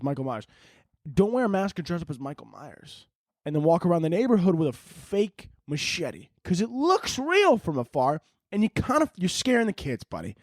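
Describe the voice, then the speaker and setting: A man's voice: fairly high pitch, no room sound, studio quality. Profane, rambling man. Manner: profane, rambling, jokey rant. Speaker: podcast host. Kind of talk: casual comedic podcast monologue.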